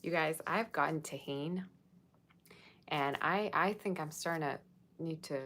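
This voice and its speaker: A woman's voice: sits low, a little slow, a bit bright. A woman tarot reader chatting casually on a livestream, reading viewer comments aloud and answering them. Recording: faint background noise.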